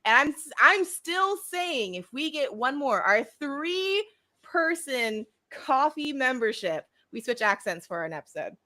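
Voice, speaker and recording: A woman's voice: high-pitched, sing-song, unhurried, sharp tone. A woman from the United States co-hosting a live stream, chatting casually and laughing often. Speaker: podcast co-host.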